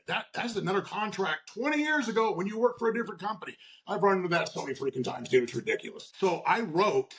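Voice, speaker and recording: A man's voice: sits high, a bit bright. A man talking as a union shop steward guest in a casual podcast conversation, blunt and profane, often tagging his points with "okay?". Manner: acts out workplace scenarios in quoted voices.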